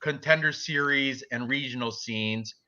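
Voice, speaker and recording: A man with a bright, forceful voice, rambling through fight picks in casual podcast chat and correcting himself as he goes. His voice comes through a slightly dull, lo-fi recording. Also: mid-range voice, unhurried. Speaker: co-host giving fight picks.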